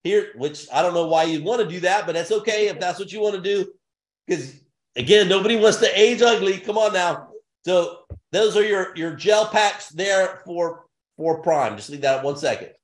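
A man giving an energetic business opportunity pitch in punchy, repetitive short phrases with bursts of excitement. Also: moderate pace. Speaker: sales presenter. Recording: roomy echo.

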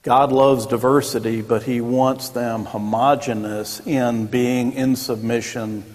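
A man's voice: medium pitch, steady tone, slow pace. A man teaching a church Sunday school class in a conversational way, with joking asides and acted-out quotes. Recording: long echoey church room.

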